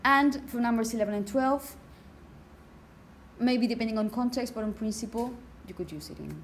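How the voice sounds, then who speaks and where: A woman lecturing on phonetics, her voice sitting a little high for a woman. She explains patiently and keeps checking in with her listeners. Now and then she taps out rhythmic example phrases, with a faint hiss underneath. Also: normal speed. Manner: explanatory, checks in with "okay?" and "yeah?". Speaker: phonetics teacher. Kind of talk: lecture to teachers.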